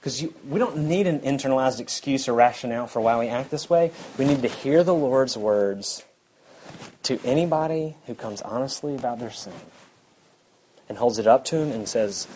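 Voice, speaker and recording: A man, preaching a sermon in a conversational way that drops to a quiet intensity. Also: mid-range voice, moderate pace, slight background noise, rough recording. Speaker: pastor.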